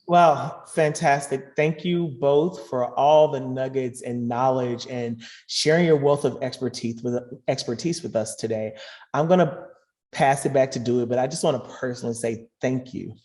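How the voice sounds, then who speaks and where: A man's voice: medium pitch, normal speed, a little mellow, long reverb tail. A man moderating a question-and-answer session, friendly and appreciative.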